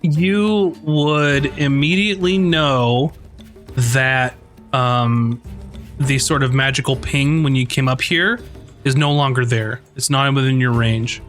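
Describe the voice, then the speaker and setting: A man running a tabletop game as game master, narrating in a halting way with many ums and uhs. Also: mid-range voice, a bit bright, soft background music.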